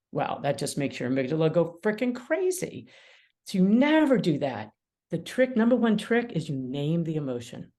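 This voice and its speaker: Middle-aged woman, mediator and author, fairly low voice, animated and laughing as a podcast guest. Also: moderate pace. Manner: animated, laughs often, acts out quoted dialogue. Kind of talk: conversational interview.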